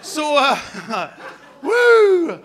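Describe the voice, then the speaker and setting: A man from Canada doing live stand-up comedy, shouting and slipping into silly put-on voices and accents. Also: extremely high pitch, huge pitch swings, extremely slow.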